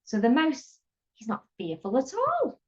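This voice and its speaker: A woman whose high voice swoops wildly in pitch reads a picture book to children without hurrying. Playful and chatty, she breaks off to question the listener, all in a dull lo-fi recording.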